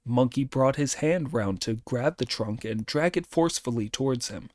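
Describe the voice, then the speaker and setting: A man narrating an audiobook in an expressive reading. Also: mid-range voice, normal speed, no echo, clean studio sound.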